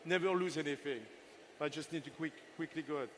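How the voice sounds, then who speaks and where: An older man in his sixties, a chef running a live cooking demo on stage. His voice sits a bit high for a man, and he chats playfully with his helpers and the audience as he works. A faint hum of ambient noise sits behind him. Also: quick pace. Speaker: chef giving a cooking masterclass.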